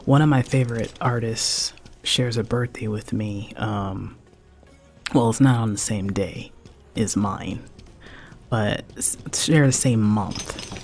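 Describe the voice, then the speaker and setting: Gravelly low-voiced man chatting while gaming. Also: slow pace, soft background music. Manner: rambling, heartfelt, peppered with "man" and "like". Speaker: game streamer. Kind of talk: casual chat while gaming.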